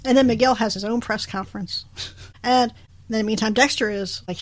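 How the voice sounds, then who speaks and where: A woman's voice: mid-range voice, fairly quick. A woman co-hosting a podcast, recapping a show in casual chat, laughing often and acting out the characters' lines. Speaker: podcast co-host.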